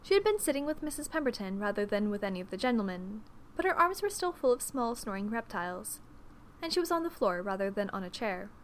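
A woman narrating an audiobook in an expressive, measured storytelling manner. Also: mid-range voice, a little hiss or hum.

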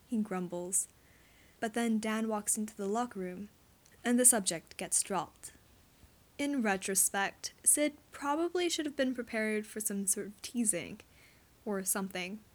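A woman reading fan fiction aloud in a steady storytelling manner. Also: mid-range voice, a little slow. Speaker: reader.

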